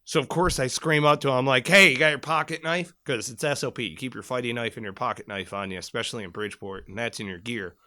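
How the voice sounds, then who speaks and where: A man co-hosting a podcast, telling a story in a casual, animated way with plenty of swearing. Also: medium pitch, quick pace, few pauses, dry recording. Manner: animated, profane, rambling storyteller. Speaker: podcast co-host, former Marine.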